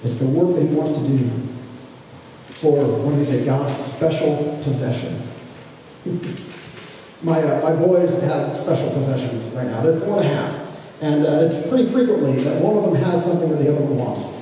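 A man in his thirties preaching a conversational sermon as pastor, gentle and unhurried, often restarting his phrases. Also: fairly high pitch. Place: church sanctuary. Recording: echoey hall, from far off, faint noise.

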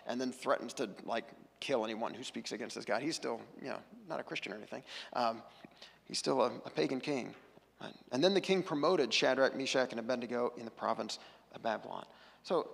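A man's voice: on the high side, creaky, a bit bright, in a large hall. A male pastor giving a conversational sermon, retelling a scripture story with casual asides. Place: church sanctuary.

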